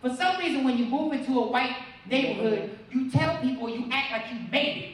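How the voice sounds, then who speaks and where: A man telling stand-up comedy stories in an animated, slangy way, acting out voices from his stories. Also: very high voice, a little fast. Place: live event hall. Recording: echoey room from far off with loud crowd.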